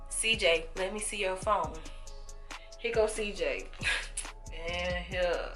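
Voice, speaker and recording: A young woman telling a story to her viewers in a casual, animated way, acting out the voices of people in it, with speech. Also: fairly low pitch, slow pace, music in the background. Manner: animated, acts out quoted voices, talks straight to viewers. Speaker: storytime vlogger.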